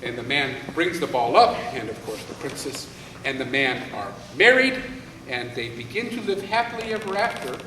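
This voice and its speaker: A man telling a folktale aloud in an animated way, with dramatic pauses. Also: medium pitch, noisy background. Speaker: storyteller. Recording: echoey hall, voice from far off, faint ambience.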